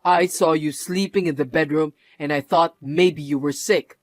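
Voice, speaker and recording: A man's voice: a little high, steady tone, normal speed, no echo, close to an everyday voice. An actor playing a mocking, controlling young husband who laughs often as he sneers. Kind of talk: narrated drama acting.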